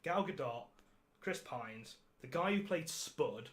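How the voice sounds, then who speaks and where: A man's voice: medium pitch, lively intonation, slow pace, a bit bright. A man hosting a podcast, reviewing a film in casual chat, sarcastic and ranting, swearing freely and laughing at his own jokes. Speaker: podcast host.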